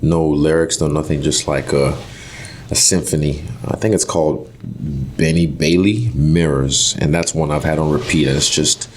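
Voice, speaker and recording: A man in his thirties, a fighter, talking casually in an interview, relaxed and thinking aloud as he corrects himself. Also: very deep voice, normal speed, a little hiss or hum. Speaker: UFC fighter, interview guest. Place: quiet room on location.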